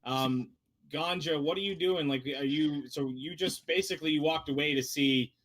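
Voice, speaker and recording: Man, game master, tabletop narration, slightly high voice, rambling, many fillers. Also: moderate pace, fairly bright tone.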